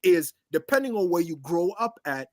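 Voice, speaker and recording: A man's voice: sits high, very animated, moderate pace, a little mellow, no room sound, studio quality. A man co-hosting a podcast in casual debate, often asking if you get what he's saying. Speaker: podcast co-host.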